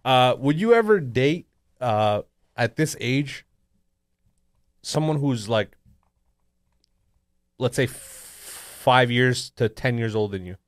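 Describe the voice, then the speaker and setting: A man's voice: medium pitch, expressive, takes it slowly, pauses often, no room sound, studio quality. A young man hosting a casual talk show, teasing his friend with profane jokes and frequent laughter. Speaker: podcast host. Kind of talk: casual banter.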